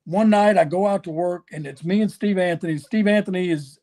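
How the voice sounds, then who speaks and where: A man, a wrestler guest telling animated stories and acting out what people said. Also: sits high, fairly quick. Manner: folksy, animated storyteller who acts out quotes. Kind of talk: storytelling interview.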